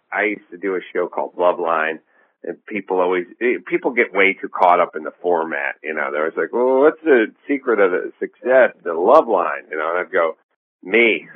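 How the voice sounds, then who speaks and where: A comedian and podcast host talking in a phone interview, rambling and sardonic with a self-assured edge. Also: male voice, deep voice. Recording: dull lo-fi line.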